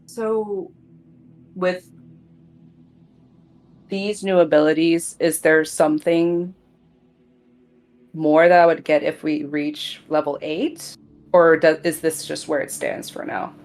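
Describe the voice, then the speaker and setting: A woman playing in an online tabletop game, asking slow, careful questions. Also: deep voice, steady tone, darkish tone. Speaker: player. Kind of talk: casual tabletop game chat.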